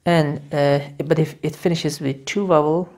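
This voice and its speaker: A woman's voice: low voice, fairly even intonation, darkish tone. A woman teaching English grammar in a video lesson. She repeats key words over and over and explains step by step, with frequent restarts. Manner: halting, with restarts and fillers while explaining.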